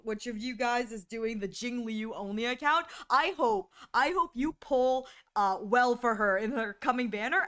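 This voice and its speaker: A woman's voice: a little high, fairly bright tone, clear, resonant tone. A woman streamer chatting casually with her viewers, giggling often and acting out quoted voices.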